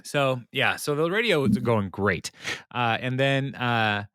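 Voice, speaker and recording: A man's voice: mid-range voice, animated, a little slow, a bit bright, no room sound, clean studio sound. Laughing, rambling man recapping a sitcom. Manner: rambling with many fillers, laughs often. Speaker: podcast co-host recapping a sitcom episode. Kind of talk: casual chat.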